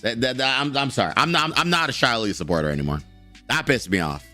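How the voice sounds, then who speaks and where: Ranting heatedly on a live stream, this man reads aloud and reacts with blunt, profane commentary. He talks fast in a medium-pitched, expressive voice that's bright and forceful, and faint music plays in the background.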